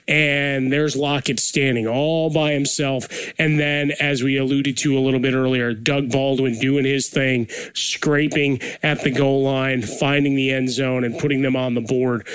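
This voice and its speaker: Relaxed male sports co-host. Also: medium pitch, measured pace, clean tone, dry recording. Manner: relaxed, joking commentary. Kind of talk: casual sports chat.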